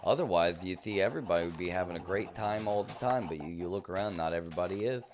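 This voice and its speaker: Low-voiced playful male game streamer. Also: quick pace, darkish tone, a little hiss or hum. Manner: playful, rambling silly jokes. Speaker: gaming streamer. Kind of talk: live gameplay commentary.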